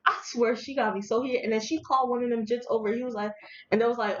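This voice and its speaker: A young woman vlogger telling a story in casual, slangy speech, animated and laughing along as she talks. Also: on the high side, quick pace. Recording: echoey room, dull lo-fi audio, faint noise.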